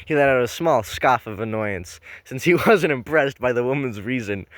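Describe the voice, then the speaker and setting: A man's voice: medium pitch, lively intonation, normal speed, hardly any pauses, dry recording, studio quality. A man reading a horror story aloud for the first time, breaking off into sarcastic, profane, rambling commentary. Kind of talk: blind reading with comedic commentary.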